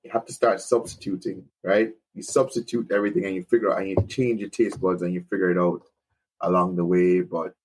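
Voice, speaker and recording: A Jamaican man speaking as a podcast guest, his husky voice low in pitch. He talks eagerly about customers and his business in a relaxed back-and-forth. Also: a little fast, poor audio. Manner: enthusiastic anecdotes about customers. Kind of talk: casual conversational interview.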